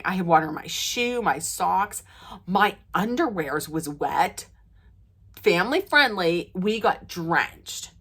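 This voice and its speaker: A woman vlogger telling stories to the camera in a casual way, laughing often, her voice jumping high and loud when she gets excited.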